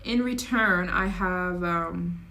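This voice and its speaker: A woman chats loosely on her travel livestream, reading out donations and answering viewers. Her voice sits a little on the low side, and she talks in an easy, rambling way. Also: takes it slowly, pushed and bright. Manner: chatty, reads donations aloud, rambling asides; slips into a put-on accent at times. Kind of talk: casual livestream chat.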